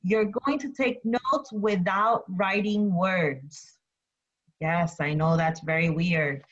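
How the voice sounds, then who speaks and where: Teacher, female, breathy voice, slow and deliberate, repeats herself, dull lo-fi sound. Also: fairly low pitch. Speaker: English teacher. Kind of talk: online class lesson and story read-aloud.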